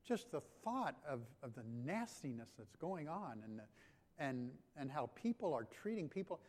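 Male pastor, fairly high voice, conversational sermon, long church reverb. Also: very animated, normal speed, darkish tone. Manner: conversational preaching with questions to the congregation. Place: church sanctuary.

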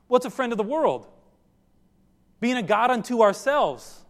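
A man's voice: extremely high pitch, big pitch swings, a little slow, pauses often, long reverb tail. A man preaching a sermon as pastor, earnest and direct, often putting questions to his listeners.

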